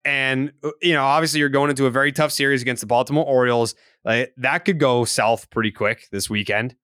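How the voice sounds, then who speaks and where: A man's voice: medium pitch, steady tone, fairly quick, fairly bright tone, smooth, no echo, clean studio sound. A man co-hosting a sports podcast in casual, profane, needling banter. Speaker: podcast co-host.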